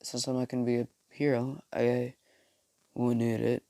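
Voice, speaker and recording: A man voicing a gentle, downcast schoolboy who speaks softly and low-key. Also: flat delivery, moderate pace, no echo, lightly acted. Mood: resigned.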